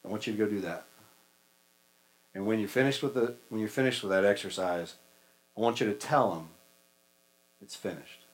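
A preacher doing God as a quiet, weary father. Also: moderate pace, pauses often, close to an everyday voice. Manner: low, quiet, conversational. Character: weary, patient God the Father, older man.

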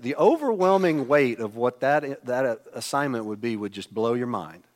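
A man preaching a sermon, emphatic, swinging between loud exclamations and hushed asides. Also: mid-range voice, expressive, moderate pace. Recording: long hall reverb.

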